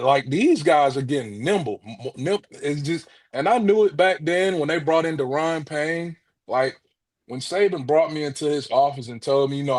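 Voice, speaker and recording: Animated former football player telling stories. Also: male voice, on the high side. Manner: animated storyteller, stammers and restarts often. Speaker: guest, former college football lineman. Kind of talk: casual sports chat.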